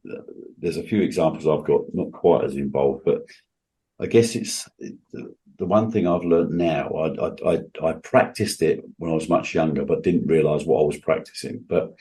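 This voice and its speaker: A man's voice: rumbling low, normal speed, warm tone. A man, a guest on an interview show, telling personal stories in an earnest, emphatic way with frequent restarts. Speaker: guest entrepreneur.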